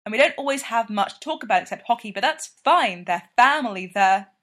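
A woman's voice: fairly high pitch, expressive, a little fast, a bit bright. A woman voicing a young male hockey player who protests with earnest, emphatic agitation. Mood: agitated.

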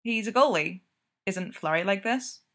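A woman's voice: medium pitch, lively intonation, moderate pace, a bit bright, natural voice. A woman reading a story, voicing an easygoing young man, a hockey player, who speaks in a mild, offhand way.

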